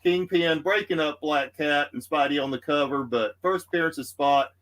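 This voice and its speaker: A man's voice: fairly high pitch, normal speed, a bit bright. A man with a Southern US accent hosting a live comic book auction, easygoing and rambling with many fillers. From Texas. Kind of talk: live-stream sales patter.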